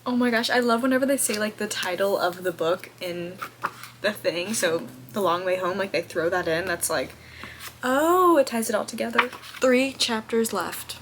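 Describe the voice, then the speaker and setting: A woman's voice: mid-range voice, moderate pace, fairly bright tone, slight background noise. A young woman vlogging about a book series, reading passages aloud and gushing over them in a chatty, emotional way. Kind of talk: reading vlog, reading aloud and reacting.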